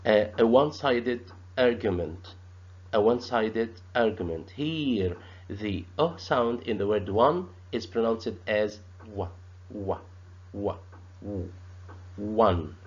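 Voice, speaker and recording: Male teacher, halting, repeats sounds, slow delivery, low voice, dull lo-fi recording. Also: expressive, darkish tone. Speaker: English teacher. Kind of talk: grammar lesson.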